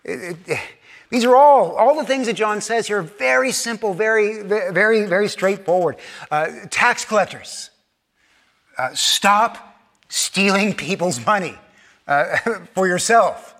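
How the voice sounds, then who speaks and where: A middle-aged male pastor gives a relaxed, conversational sermon. His voice sits a little higher than most men's. He often stumbles into restarts and breaks into short chuckles. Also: a little slow, in a large hall. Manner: conversational and self-deprecating, frequent restarts and chuckles.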